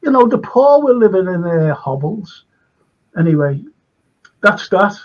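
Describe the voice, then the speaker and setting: A man's voice: sits high, sing-song, unhurried, lo-fi sound. An older man with a Liverpool accent, a retired lecturer chatting as a guest in a rambling, emphatic way that keeps repeating phrases. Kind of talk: casual conversation.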